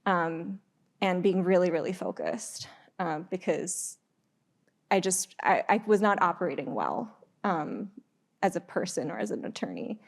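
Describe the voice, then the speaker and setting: Low-voiced woman, candid panel talk. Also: animated, vocal fry. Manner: candid, measured, frequent ums. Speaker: alumni panelist, attorney.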